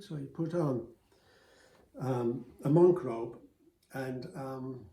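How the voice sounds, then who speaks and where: A man telling a folk tale aloud in a loose, chatty way, full of "you know" and little restarts. His voice is mellow and dark-toned. He sounds like he's in a roomy space with a clear echo. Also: medium pitch, takes it slowly. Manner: conversational, with fillers and restarts. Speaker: storyteller.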